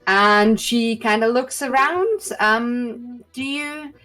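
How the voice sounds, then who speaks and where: A woman's voice: on the high side, slow, bright, forceful tone, soft background music, rough recording. A woman narrating a tabletop game as game master, loose and descriptive with many fillers.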